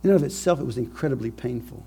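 Brief: husky male preacher, mellow tone, repeats lines for effect, soft music under him. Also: medium pitch, lively intonation, very fast. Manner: emphatic, repeats key phrases, swings from loud to hushed. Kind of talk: sermon.

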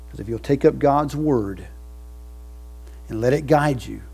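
Mellow husky-voiced man preaching. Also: medium pitch, a little slow, soft background music, rough recording. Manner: preaching with swelling emphasis, dropping soft at phrase ends; leads congregation in recited scripture. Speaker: pastor. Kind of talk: sermon.

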